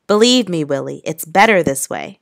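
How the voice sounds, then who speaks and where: A woman reading aloud, voicing a blunt woman country doctor in a calm, matter-of-fact way. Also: low-pitched, normal speed, gravelly, dry recording, clean studio sound. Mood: firm.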